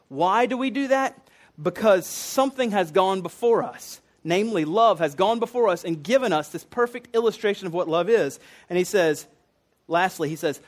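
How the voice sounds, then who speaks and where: A man's voice: high-pitched, lively intonation, a little fast. A man preaching a sermon in a conversational, earnest way, with casual asides and fillers.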